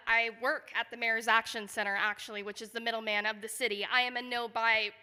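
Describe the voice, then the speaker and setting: A woman's voice: a little high, bright, forceful tone. An angry woman giving an impassioned public comment at a community forum in a church. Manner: angry, indignant, voice rising. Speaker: resident speaking at a public forum. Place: church hall. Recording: reverberant hall.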